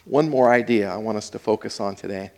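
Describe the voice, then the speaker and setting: A male pastor preaching a sermon, dramatic, swinging between loud and hushed, asking the audience questions. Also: lowish voice, brisk. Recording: echoey hall with long reverb.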